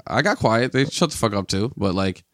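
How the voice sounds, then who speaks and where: A man's voice: lowish voice, expressive, a little fast, no echo, clean studio sound. A man with a New Jersey accent co-hosting a casual podcast, jokey and profane. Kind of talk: casual banter.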